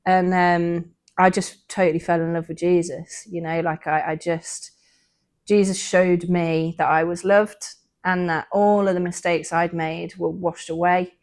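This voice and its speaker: A woman's voice: lowish voice, little pitch movement, measured pace, a little mellow. A woman, co-hosting a podcast and earnestly recounting a personal faith story in a casual, reflective way. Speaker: podcast co-host.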